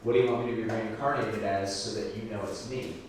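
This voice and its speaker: A man's voice: lowish voice, steady tone, quick pace, very echoey, far from the mic, a little hiss or hum, voice pushed down, close to an everyday voice. A man doing his matter-of-fact mother. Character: matter-of-fact middle-aged mother who believes in reincarnation.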